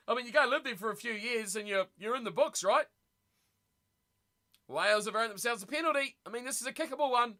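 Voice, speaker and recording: A man hosting a live watch party stream, reacting excitedly to a rugby match and chatting with viewers. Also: extremely high pitch, brisk, long pauses. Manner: excitable, chatty, reads viewer messages aloud.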